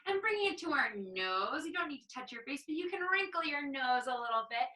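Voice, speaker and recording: A woman teaching artist cheerfully guides a movement warm-up. Her voice is bright and ringing, picked up from a few steps away in an echoey room. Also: high-pitched, expressive, a little fast, distant mic. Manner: encouraging, upbeat instructions.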